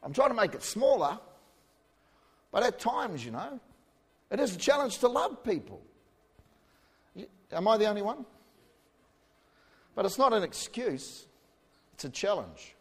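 A man from New Zealand with a New Zealand accent, preaching a sermon in a conversational way with joking asides and shouted emphasis. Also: sits high, sing-song, measured pace, long pauses, breathy edge. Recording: hall reverb.

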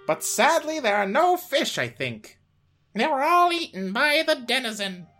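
Kobieta grająca rozmarzonego ducha kota z akcentem. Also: female voice, sits high, very animated, measured pace, fairly bright tone, faint music behind, voice pushed up, exaggerated voice. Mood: dreamy. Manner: childlike, rambling, with a put-on accent. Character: dreamy old male ghost cat, gentle.

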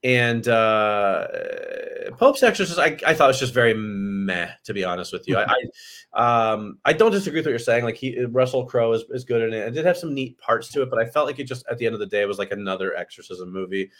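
A man co-hosting a casual movie podcast with a bright, forward voice. He stammers and leans on ums and likes as he talks. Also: mid-range voice, lively intonation, a little fast. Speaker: podcast co-host. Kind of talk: casual chat.

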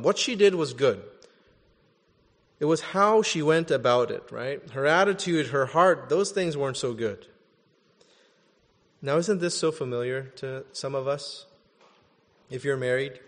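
A man preaching a sermon in an animated, conversational way, often checking in with "right?". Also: medium pitch, long reverb tail. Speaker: pastor.

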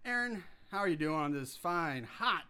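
A bright, slightly high-voiced young man hosting a horror podcast. He talks casually but flares into swearing, worked-up rants. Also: lively intonation, moderate pace, smooth. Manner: profane, worked-up ranting. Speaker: podcast host.

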